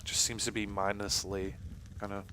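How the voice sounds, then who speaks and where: A man narrating a tabletop game as game master, rambling through scene descriptions with many pauses. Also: lowish voice, little pitch movement, bright, forceful tone, slight background noise. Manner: rambling, many fillers and restarts.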